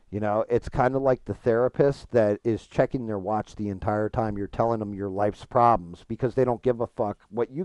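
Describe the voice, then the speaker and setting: A man's voice: medium pitch, darkish tone, no echo. A man chatting casually with his stream chat while gaming, frank and profane, rambling and restarting his thoughts.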